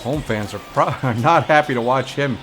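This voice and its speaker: Playing a baseball franchise video game, a man with a New York accent offers chatty, wry commentary, reacting to the action as it unfolds. His voice is medium-pitched and moderately paced, and the poor audio has game music playing behind him.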